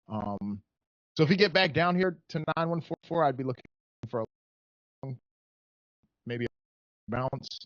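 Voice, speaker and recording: A man's voice: medium pitch, no echo. Guy going over his day trades, swears a lot, muffled lo-fi call mic, dry sound. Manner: loose, swears freely, thinks aloud. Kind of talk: casual livestream trading chat. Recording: dull lo-fi dry call audio.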